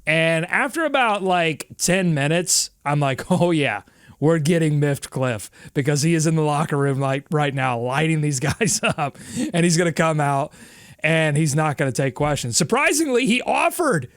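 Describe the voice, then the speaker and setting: A man co-hosting a sports podcast, telling stories in a lively, laughing way. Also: a little high, normal speed, clear, resonant tone, no room sound, studio quality. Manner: animated, laughing storyteller. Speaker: podcast co-host. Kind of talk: casual sports chat.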